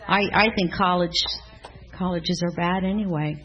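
A woman's voice: on the low side, fairly even intonation, moderate pace, dull audio. A woman giving a casual spoken testimony in a church class, rambling and earnest with many restarts.

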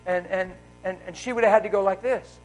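A man preaching a live sermon in a church, wearing a mic, fervent and swinging between loud exclaiming and hushed talk. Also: high-pitched, steady tone, a little fast, rough recording. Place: church service.

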